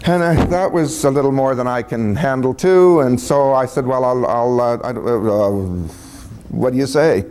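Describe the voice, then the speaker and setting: A man's voice: mid-range voice, normal speed, a little mellow, a little hiss or hum. Folksy chuckling man telling a story. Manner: folksy, chuckling, acts out dialogue. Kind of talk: casual spoken storytelling.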